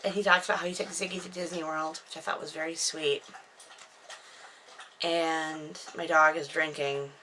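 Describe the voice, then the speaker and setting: A woman in her thirties chats at home into a camera, wandering off into self-mocking asides as she recaps her own novel. Her voice sits low yet sounds bright and forward. The talk stays loose and unscripted. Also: little pitch movement, moderate pace, a little hiss or hum. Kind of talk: casual chatty book recap to camera. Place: at home indoors, dog nearby. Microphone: camera microphone.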